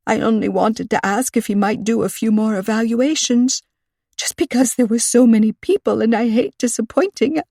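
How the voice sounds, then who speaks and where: A woman voicing a frantic, soft-spoken assistant librarian who talks breathlessly and in panic, in an audiobook reading. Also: normal speed, no room sound, studio quality. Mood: panicked. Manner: breathless, panicky, high and tremulous.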